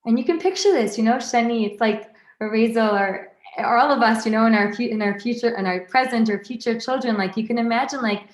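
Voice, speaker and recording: Lively woman teaching in an echoey room. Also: a little high, fairly quick, hardly any pauses. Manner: lively, conversational, many restarts and asides. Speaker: Torah teacher. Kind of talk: informal Torah class. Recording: roomy echoey recording.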